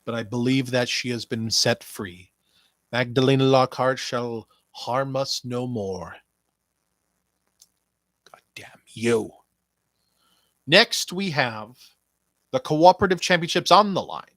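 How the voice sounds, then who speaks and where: A man's voice: medium pitch, animated, a little slow, fairly bright tone, no echo. Ranting sarcastic male podcast host. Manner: ranting, sarcastic, stumbling restarts. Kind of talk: rambling profane wrestling commentary.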